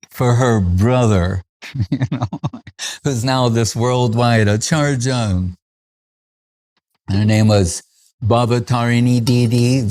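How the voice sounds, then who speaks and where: Male spiritual teacher, anecdotal festival talk, chuckling, loose fillers, mid-pitch voice. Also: a little mellow. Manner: chuckles often while recalling stories, with frequent fillers.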